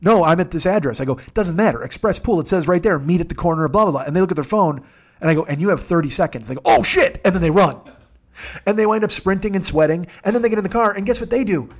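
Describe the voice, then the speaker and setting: A man telling casual comedic stories at a friend's house, profane and animated, acting out the dialogue in quick voices. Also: high voice.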